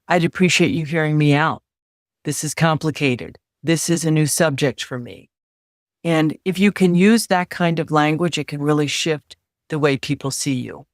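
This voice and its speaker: A middle-aged woman coaching on confidence in an interview, measured and instructive, repeating key phrases for emphasis. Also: low voice, dry recording, studio quality. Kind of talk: advice in interview.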